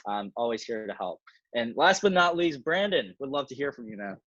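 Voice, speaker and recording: A man's voice: mid-range voice, very animated, brisk, fairly bright tone, no room sound. An upbeat, encouraging man hosting an online session. His voice sits in the middle range, recorded dry and close with slightly muffled, lo-fi sound. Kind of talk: casual video call discussion.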